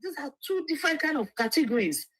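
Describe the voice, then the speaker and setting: A woman's voice: high voice, lively intonation, quick pace, fairly bright tone, dry recording, poor audio. A woman, a lawyer speaking as a guest on a livestream, earnest and often restarting her words. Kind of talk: livestream interview.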